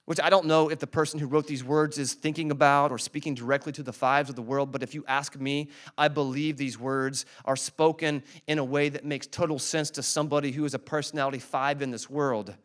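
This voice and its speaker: A man delivers a sermon in a relaxed, talky way, and his voice sits a little higher than most men's. He slows right down to lean on the words of a verse and calls on the room to say them back with him. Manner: conversational preaching, slows down to stress scripture; calls on the congregation to repeat after him. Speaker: pastor. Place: church service.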